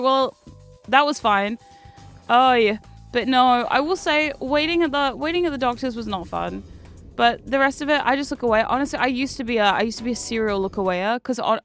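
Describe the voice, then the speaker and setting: Woman streamer, high-pitched, casual and sweary, game music faint underneath. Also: fairly bright tone, clear, resonant tone. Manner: chatty, swears freely, laughs often. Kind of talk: casual chat while gaming.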